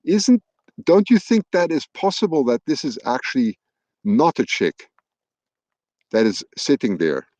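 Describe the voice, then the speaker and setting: A man's voice: mid-range voice, wildly swooping pitch, a little slow, pauses often, a little mellow, no echo. A man hosting a live wildlife stream outdoors on a hilltop, chatting and thinking aloud with frequent restarts. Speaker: wildlife livestreamer. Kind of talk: live-streamed casual commentary. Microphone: external microphone at a laptop.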